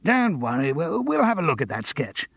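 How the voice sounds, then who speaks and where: A man voicing a flustered male TV producer who hurries to smooth things over. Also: a little high, very animated, a bit bright, no echo, voice pushed up, exaggerated voice. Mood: placating. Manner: hurried, soothing.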